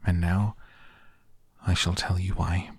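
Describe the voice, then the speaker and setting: A man's voice: low voice, level tone, slow, darkish tone, slightly rough, dry recording, studio quality, heavily acted. A man voicing an eccentric, cheerful male chocolate maker in a breezy, offhand way. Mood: earnest.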